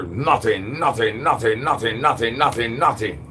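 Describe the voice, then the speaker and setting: A man rambles through an absurd monologue, full of sing-song rhymes and silly made-up words. His voice sits in an ordinary middle pitch. Faint background hiss runs under the recording. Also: normal speed, fairly bright tone. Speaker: livestream host.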